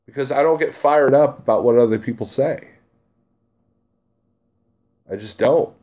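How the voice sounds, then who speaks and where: A man's voice: mid-range voice, measured pace, dark tone. A man who drives a truck, chatting casually on a live stream and reading out viewer comments in a blunt, chummy way, laughing easily.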